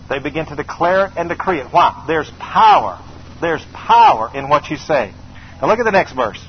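A middle-aged man preaches with an emphatic, high-pitched voice, repeating key phrases and calling on his listeners to answer back. The recording is slightly muffled, with faint background noise. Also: expressive, normal speed. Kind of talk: sermon.

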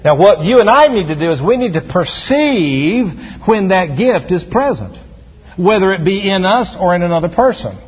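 A pastor preaches a sermon in a church sanctuary, calling on the congregation to answer back. His high voice swings widely in pitch at a moderate pace and sounds slightly rough, with dull audio and long hall reverb.

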